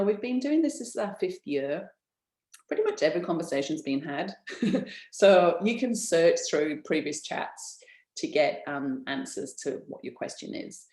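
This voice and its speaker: A business founder hosts a live online info session, pitching her business with upbeat energy, laughing often and addressing viewers directly in a chatty way. Her voice is a little low for a woman and a little mellow, in a room with a noticeable echo.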